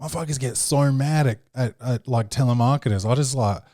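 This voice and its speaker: A young man hosting a podcast, telling stories in a profane, slangy, animated way. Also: medium pitch, a little fast, no echo, clean studio sound. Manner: swearing, slangy, animated storytelling. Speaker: podcast host. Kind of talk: casual profane monologue.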